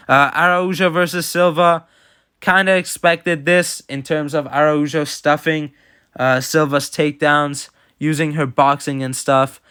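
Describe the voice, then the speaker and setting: A man's voice: on the high side, steady tone, unhurried, sharp tone, clean tone. A man giving casual, blunt and opinionated reactions to fight results as commentator. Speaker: MMA commentator.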